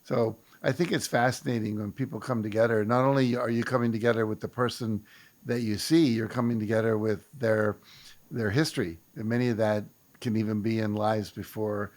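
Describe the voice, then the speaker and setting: A man's voice: lowish voice, flat delivery, a little fast, darkish tone. An older man hosting a conversational show, speaking reflectively and often restarting his sentences. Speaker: host. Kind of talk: casual conversation.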